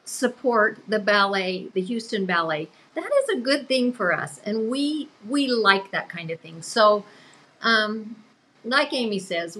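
An older woman talks as a podcast guest in a mid-pitched voice. She speaks in a plain, earnest way. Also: fairly bright tone, rough recording. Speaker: guest, business co-owner. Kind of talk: podcast interview.

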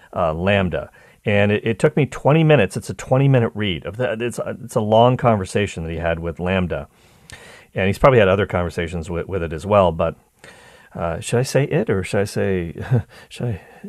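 A man talking through a story in a chatty, rambling way, often restarting his sentences and wandering into asides. His voice sits on the low side. The sound is close and dry, with no room echo. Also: darkish tone. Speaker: commentator. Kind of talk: casual commentary reading aloud from a transcript.

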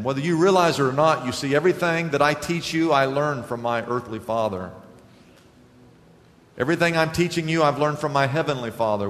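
A middle-aged male pastor preaching a sermon to his congregation, telling stories with humor and repeating lines for emphasis. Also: mid-range voice. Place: church sanctuary before a congregation. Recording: hall reverb with faint room noise.

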